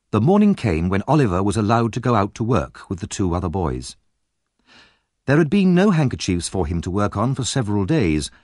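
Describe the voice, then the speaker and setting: A male audiobook narrator with a lower voice that rises and falls widely as he tells the story. The reading is expressive and dramatic, recorded close and dry with no room sound. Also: no room sound. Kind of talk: scripted narration.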